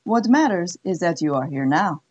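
A woman's voice: lowish voice, animated, moderate pace, a little mellow, muffled recording. A woman voicing a haughty middle-aged French-Canadian brothel madam with a put-on French accent, cool and commanding. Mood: cold.

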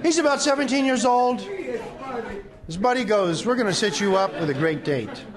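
A man rattles through off-color jokes in a high voice that swoops up and down. He drops into little character voices and keeps chuckling at his own punchlines. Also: animated, moderate pace, a crowd in the background. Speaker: comedian telling jokes. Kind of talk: stand-up joke telling.

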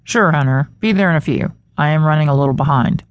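A woman's voice: low voice, dry recording, lightly acted. A woman narrator voicing a brusque male professor who talks curtly and in a hurry. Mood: hurried. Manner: curt and hurried.

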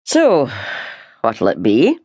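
A tired, patient Scottish baker, as a woman reader lowers her voice for him, short and calm. He talks low and slow in a dry, close sound. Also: slightly rough, dry recording, highs cut off, heavily acted. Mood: polite. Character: weary, patient middle-aged Scottish male baker.

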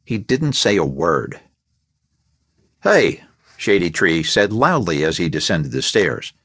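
A male audiobook narrator with a mid-pitched voice that moves a lot, reading at an unhurried, deliberate pace. The studio recording is close and dry, with no room sound. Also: husky, dry recording. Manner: measured, expressive storytelling.

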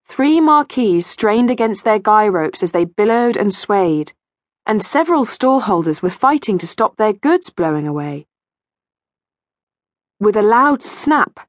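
Lively woman reading a children's story. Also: mid-range voice, no echo, clean studio sound. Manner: expressive storytelling. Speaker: audiobook narrator. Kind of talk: scripted narration for children. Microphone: studio mic.

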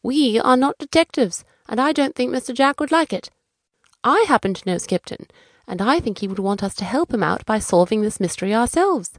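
A woman voicing an eager, excitable young aristocratic male detective, fussy and polite, in a children's audiobook. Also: fairly high pitch, a little fast, dry recording, clean studio sound, voice pushed up. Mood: excited. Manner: chirpy, fussy and very British-polite.

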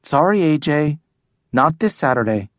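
A man's voice: a little high, big pitch swings, unhurried, no room sound, studio quality. A man voicing a firm, matter-of-fact mother in a children's audiobook. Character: firm, patient suburban mom.

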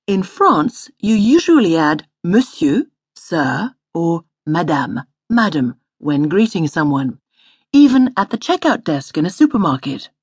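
Slow, breathy woman teaching. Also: lowish voice, very animated, a little mellow, dry recording. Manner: patient, slow model pronunciation. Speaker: language course instructor. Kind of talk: scripted audio lesson.

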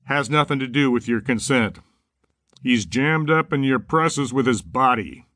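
Male narrator as a husky, no-nonsense police inspector; dry studio read. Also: mid-range voice, measured pace, a bit bright, no echo, voice pushed up, lightly acted. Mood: blunt.

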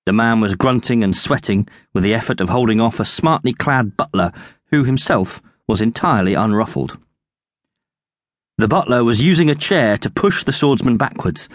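Man narrating a lively children's story. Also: medium pitch, no room sound, clean studio sound. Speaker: audiobook narrator and author.

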